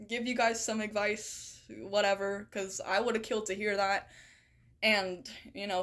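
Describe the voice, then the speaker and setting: Woman, a touch high-pitched, casual chat, rambling, lots of fillers, swearing, reads viewer stories. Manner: rambling and chatty, with many "like" and "right?" asides and frequent swearing. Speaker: streamer reading viewer stories.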